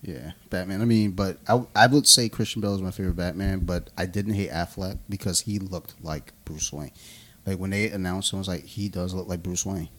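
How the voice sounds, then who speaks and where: A man with a notably low voice chats casually on a podcast, swearing freely and laughing through his stories. He talks loosely, circling back and restarting as he goes. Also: steady tone, brisk, fairly bright tone. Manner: loose, profane, laughing storyteller. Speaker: podcast co-host. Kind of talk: casual chat over beers.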